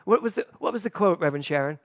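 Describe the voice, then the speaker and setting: A middle-aged man, a spiritual director, giving a conversational sermon at a church service, telling personal stories with lively emphasis. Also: high-pitched, very fast, no echo. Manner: animated and personal, storytelling with emphatic swings.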